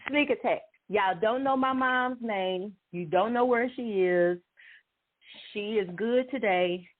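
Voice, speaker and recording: Animated woman on a tinny line. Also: medium pitch, slow. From Dallas, Texas. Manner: animated, laughing often, dramatic exclamations. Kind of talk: casual storytelling. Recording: tinny phone-like sound.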